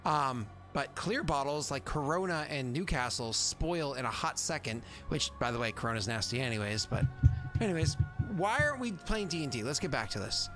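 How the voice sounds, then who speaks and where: A man's voice: mid-range voice, faint music behind. A man running a tabletop game, chatting casually and rambling off topic with his players over a video call. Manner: animated, rambling, quick to laugh. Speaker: game master. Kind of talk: casual chat among players.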